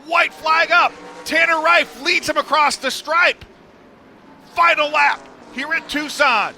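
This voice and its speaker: A man calling a stock car race live, building excitement toward the finish. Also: extremely high pitch, takes it slowly, a little hiss or hum. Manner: excited, rising to shouts at the finish. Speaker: race commentator.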